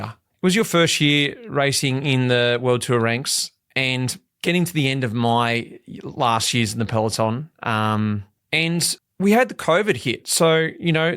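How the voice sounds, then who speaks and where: A man hosting a podcast, chatty and animated as he tells stories. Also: a little high. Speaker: podcast host, former pro cyclist. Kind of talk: casual podcast interview.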